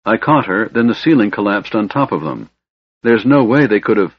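A man narrating an audiobook voices a shaken male cleric who speaks in a trembling, hurried voice. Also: on the low side, lively intonation, breathy edge, no room sound, muffled recording.

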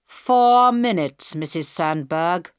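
A woman reading the part of a male hijacker speaking over a radio, slow, loud and menacing. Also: on the low side, expressive, clean tone, dry recording, studio quality.

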